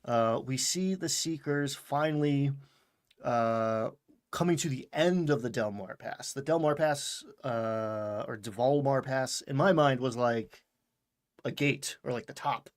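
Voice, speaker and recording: A man hosts a casual recap podcast, chatting in a loose, meandering way. He laughs often and slips into quick voices when he repeats what characters said. His voice sits at an ordinary pitch for a man. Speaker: podcast host recapping a show. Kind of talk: casual chat.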